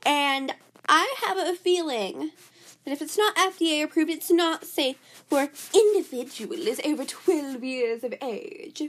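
A woman's voice: high voice, expressive, measured pace. A woman hosting her own podcast, talking in a chatty valley-girl way full of "like". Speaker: podcast host. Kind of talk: casual podcast monologue.

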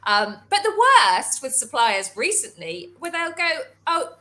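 A woman co-hosting a casual business chat, animated and exasperated, ranting with quick laughs. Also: fairly high pitch, slight background noise. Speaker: podcast co-host, estate agency owner.

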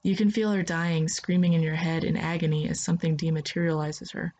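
A woman narrating a second-person story in a soft, steady voice. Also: low voice, brisk, highs cut off.

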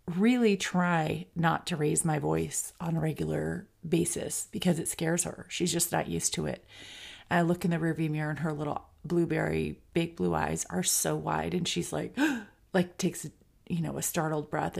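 A middle-aged woman podcast host shares a personal story, candid and reflective, in a low voice that's deeply gravelly and heavy with vocal fry, with a darkish tone. Her speech is loose, packed with fillers and restarts.

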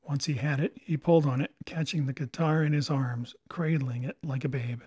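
A man narrating a novel as an audiobook in a steady storytelling manner, recorded on a close microphone. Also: medium pitch, normal speed, husky, dry recording.

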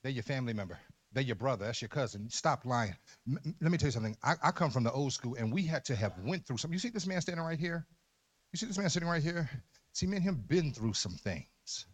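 A man preaching a sermon as pastor in a church, emphatic, dropping to low murmurs and rising to loud shouts. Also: lively intonation, fast talker. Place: church sanctuary.

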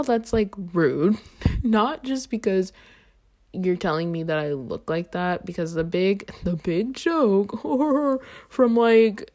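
A woman's voice: mid-range voice, darkish tone. A young adult woman hosting a podcast, telling a story in a casual, chatty way with lots of "like" and "um". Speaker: podcast host.

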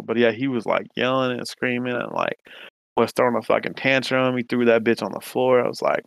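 A man's voice: medium pitch, expressive, normal speed, creaky, no room sound. A man co-hosting a casual podcast, rambling through crude stories with constant swearing. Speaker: podcast co-host.

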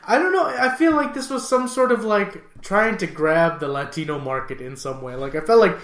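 A man co-hosting a podcast in casual chat, relaxed and wry, rambling a little. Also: high voice, moderate pace. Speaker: podcast co-host. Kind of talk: casual chat reviewing music videos. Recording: echoey room.

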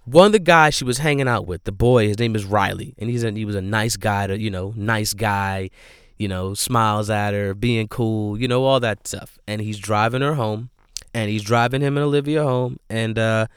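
A man's voice: fairly low pitch, moderate pace, clean tone, no echo, clean studio sound. A man casually recapping a movie scene by scene, rambling with lots of "like" and "you know", and speaking earnestly and emphatically about how it made him feel. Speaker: movie reviewer.

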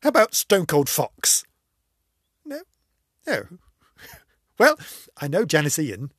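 Giggly older woman with a husky voice. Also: low-pitched, wildly swooping pitch, slow pace, fairly bright tone, no room sound, studio quality. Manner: giggly, laughs at her own jokes, self-mocking. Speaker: vlog host. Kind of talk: casual monologue telling jokes.

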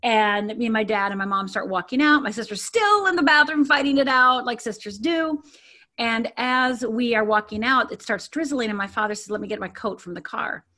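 A woman's voice: a little high, normal speed, bright, forceful tone. A middle-aged woman from the of Michigan, telling her personal story candidly as an interview guest, with many fillers and repeated words. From Upper Peninsula of Michigan.

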